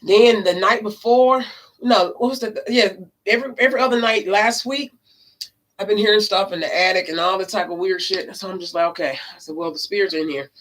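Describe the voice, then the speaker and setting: A woman who reads tarot cards, telling a story in a casual vlog. She talks emphatically and swears, swinging between loud and low. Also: brisk. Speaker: tarot card reader.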